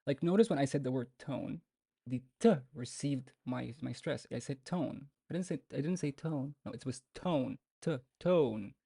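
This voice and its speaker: A man teaching a live online beginner lesson, patient and informal, repeating example words slowly many times. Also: medium pitch, gravelly, husky, no room sound, clean studio sound. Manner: relaxed and informal, with fillers and restarts. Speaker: Arabic teacher.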